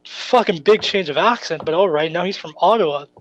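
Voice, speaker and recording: High-voiced young man telling stories. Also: brisk, fairly bright tone, lo-fi sound, a little hiss or hum. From Canada. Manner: rambling, swears often, laughs through stories. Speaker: podcast co-host. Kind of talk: casual chat, storytelling.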